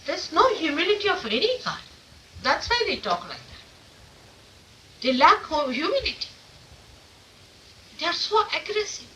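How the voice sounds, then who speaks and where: A woman's voice: very high voice, big pitch swings, a little slow, pauses often, bright, forceful tone. A woman speaking as a spiritual teacher in an informal talk to followers. She is emphatic and asks many rhetorical questions. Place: meeting room of an ashram. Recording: distant mic with faint hiss, old 1979 tape.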